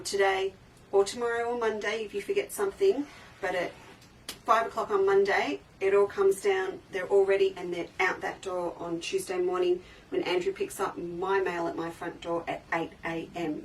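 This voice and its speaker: Chatty woman, slightly off-mic. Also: medium pitch. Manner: chatty, enthusiastic, trails off and restarts. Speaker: fabric shop owner hosting a live sale. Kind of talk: casual live-stream sales chat. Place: indoors in a sewing shop. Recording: slightly distant mic with faint background noise.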